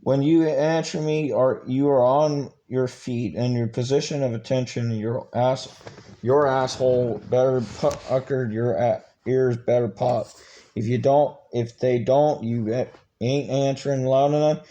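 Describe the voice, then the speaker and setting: A man reading aloud and voicing a harsh, bullying male Marine drill instructor who growls crude orders, with halting restarts. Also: medium pitch, fairly even intonation, mellow, lo-fi sound, close to an everyday voice. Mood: growling.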